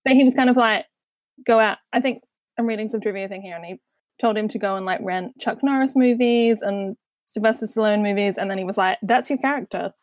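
A woman's voice: medium pitch, a little fast, a little mellow, dry recording. A woman co-hosting a movie podcast, chatty and giggly, with lots of fillers. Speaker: podcast co-host. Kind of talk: casual movie discussion.

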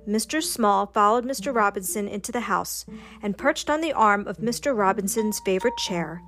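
A woman reading a children's storybook aloud in a slow, gentle, expressive way. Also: medium pitch. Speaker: storybook narrator.

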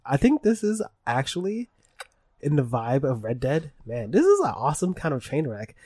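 A tipsy man rambling excitedly in a casual podcast chat and swearing often. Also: on the high side, moderate pace, husky, dry recording. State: tipsy from drinking. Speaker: podcast co-host.

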